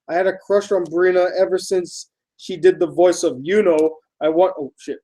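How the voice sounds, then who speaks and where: A man hosting a casual vlog, reading viewer letters aloud and reacting with loud outbursts and quiet mumbles, swearing casually. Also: high-pitched, low-quality recording. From United States. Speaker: YouTube host reading fan mail.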